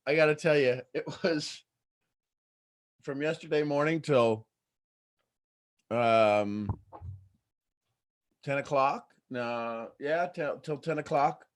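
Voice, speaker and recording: Laughing, animated male livestream host. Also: fairly high pitch, slow, pauses often. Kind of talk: casual livestream talk.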